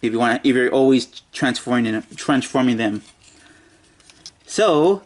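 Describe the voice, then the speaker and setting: A man's voice: medium pitch, expressive, moderate pace. A man giving a casual toy review, muttering and joking to himself as he handles the figure.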